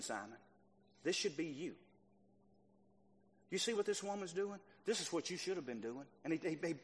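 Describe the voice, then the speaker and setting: Man, preacher, emphatic sermon, repeats himself, quiet to loud swings, long hall reverb. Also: high-pitched. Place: church sanctuary.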